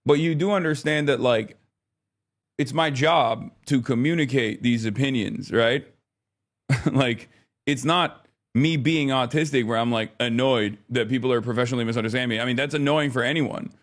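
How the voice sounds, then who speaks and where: A man's voice: mid-range voice, normal speed. Rambling exasperated male streamer. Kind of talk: casual live-stream chat.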